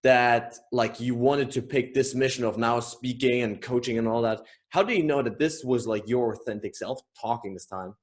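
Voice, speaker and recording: A man's voice: medium pitch, normal speed, hardly any pauses. A man hosting a podcast, asking curious, encouraging interview questions. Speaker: podcast host.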